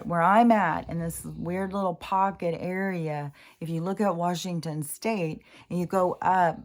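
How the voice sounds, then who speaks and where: Rambling woman with a lowish voice. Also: a little mellow. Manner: rambling, self-interrupting storytelling. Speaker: spiritual vlogger. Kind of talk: casual spiritual monologue. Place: home near mountains in Washington State.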